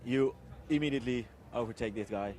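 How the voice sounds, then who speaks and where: A man's voice: medium pitch, a little fast, a little mellow. A man conducting a post-race interview, cheerful and full of praise.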